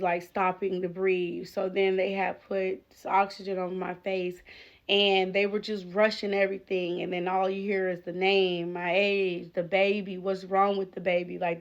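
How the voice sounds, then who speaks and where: A woman tells her own story straight to the camera, earnest and unpolished, her words looping through casual fillers. Her voice carries a gravelly, creaky edge at a middle pitch. The recording sounds dull and lo-fi. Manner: candid, earnest retelling with frequent "like" fillers. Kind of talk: personal storytelling vlog.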